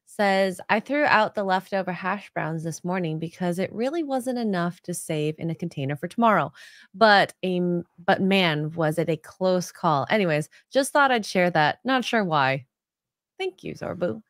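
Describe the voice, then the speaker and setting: A woman's voice: on the low side, animated, moderate pace, no room sound, studio quality. A woman producing a live stream, reading donation messages aloud in a giggly, playful way.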